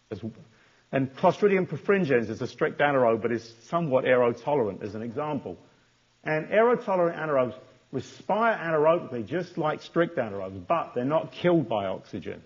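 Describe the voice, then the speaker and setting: Male lecturer, mid-pitched, husky, restarts and stresses terms; dull lo-fi lecture recording. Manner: repeats and restarts words, stresses key terms. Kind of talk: university lecture.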